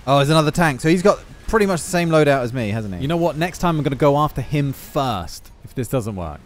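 A man giving jokey, self-mocking gameplay commentary with quick asides. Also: fairly high pitch, big pitch swings. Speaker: gaming YouTuber.

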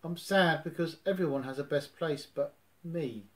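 A man voicing a gentle, mild, soft-spoken teddy bear in a storybook reading. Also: on the high side, moderate pace, close to an everyday voice.

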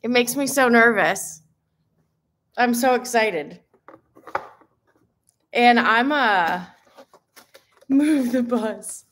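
A woman's voice: fairly high pitch, animated, very slow, pauses often, fairly bright tone, a little hiss or hum. A woman fitness coach chatting live with her viewers, bubbly and giggly, gushing often. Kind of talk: live stream chat with viewers.

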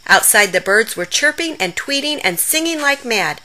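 Woman storyteller for a children's read-aloud; bright, lively, expressive. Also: fairly high pitch, normal speed, poor audio. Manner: expressive, animated reading.

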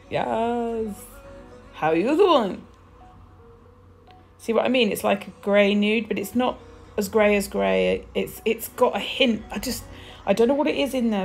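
A woman's voice: medium pitch, a little fast, creaky, a little mellow, soft background music. A British woman chatting casually through a nail polish tutorial, gushing with little exclamations as she goes. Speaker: nail technician demonstrating polish swatches.

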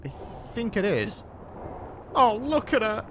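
Male let's-play host, lively sing-song pitch, easily spooked. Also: takes it slowly, long pauses, slight background noise. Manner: jittery, exclaims and repeats himself when scared. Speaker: gaming channel host.

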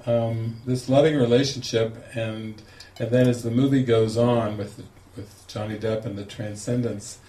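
Male spiritual teacher, mid pitch, animated storyteller, roomy distant sound. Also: unhurried. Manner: animated, laughing storyteller acting out quotes. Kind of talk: storytelling talk to a group. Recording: echoey room, distant mic, faint noise.

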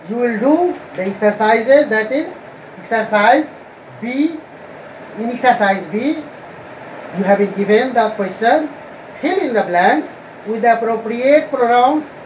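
A woman teaching a grammar lesson to students, explaining slowly and repeating herself. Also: a little high. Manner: slow, repetitive explaining to students. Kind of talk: recorded online grammar lesson. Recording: echoey room with faint ambient noise.

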